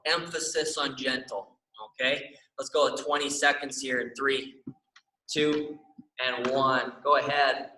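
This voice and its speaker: A man's voice: mid-range voice, level tone, unhurried, sharp tone, echoey room, distant mic, a little hiss or hum, low-quality recording. A young man leading a stretching class, upbeat and encouraging, often checking in with the class. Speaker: exercise class instructor.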